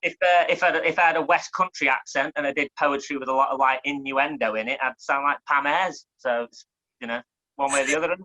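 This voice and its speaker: A man with a Mancunian accent, performing fast, punchy poetry full of swearing and wordplay, then chatting casually as a guest. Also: medium pitch, pushed and bright, muffled recording. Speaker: guest poet.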